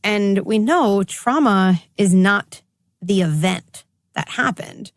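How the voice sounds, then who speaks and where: A middle-aged woman psychologist giving candid interview answers, animated when she acts out what others say. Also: medium pitch, slow, no echo, clean studio sound. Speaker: psychologist guest.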